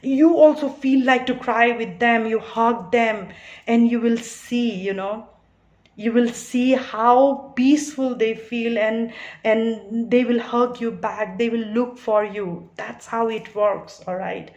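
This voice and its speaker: A woman's voice: fairly high pitch, fairly even intonation, slow pace, dull audio. A woman giving a tarot card reading, chatty and earnest, full of "you know" and "all right". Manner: earnest and reassuring. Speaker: tarot reader.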